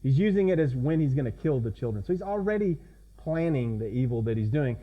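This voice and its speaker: A man's voice: medium pitch, expressive, a little fast, lo-fi sound. A man preaching a sermon as pastor, in a conversational way that keeps asking the congregation questions.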